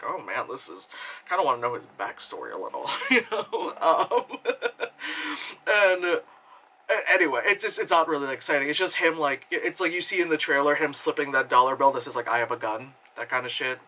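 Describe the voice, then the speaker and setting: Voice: mid-range voice, sharp tone, low-quality recording. A movie reviewer talking casually and rambling, with lots of fillers, swearing and frequent laughter. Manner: laughs often, does quick impressions. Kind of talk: casual spoken film review.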